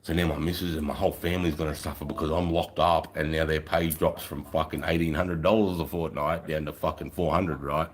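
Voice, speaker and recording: Deep-voiced swearing aussie storyteller. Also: male voice, level tone, fairly quick, few pauses. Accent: Australian. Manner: swearing, rambling, tags 'right?'. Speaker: livestream host. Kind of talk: casual storytelling.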